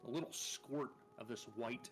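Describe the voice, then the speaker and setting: A man's voice: mid-range voice, moderate pace, heavy background noise. A man narrating a tabletop game as game master in a loose, casual way, swearing and laughing between rules calls.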